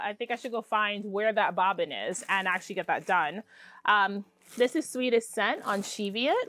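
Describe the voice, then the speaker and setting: A woman hosting a casual crafting vlog, talking in a chatty, excitable way with self-deprecating asides. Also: on the high side. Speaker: podcast host.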